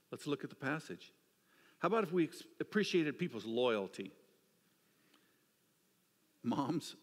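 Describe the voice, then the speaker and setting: A man preaching a sermon, telling stories with an animated delivery that drops to hushed, quiet asides. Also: medium pitch. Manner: storytelling, swings from animated to hushed. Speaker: pastor. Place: church sanctuary. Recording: church hall reverb.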